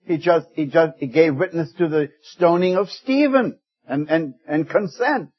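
A man preaching a sermon, telling stories in a folksy way, pushing up for emphasis and dropping soft for quoted words. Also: fairly high pitch, unhurried, breathy edge, muffled recording. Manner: folksy storytelling with rising emphasis and hushed quoted lines.

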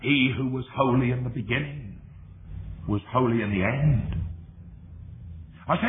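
A man preaching a sermon, swinging between high exclamations and hushed low tones. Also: a little slow, long pauses. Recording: tinny lo-fi recording in an echoey hall with faint hiss.

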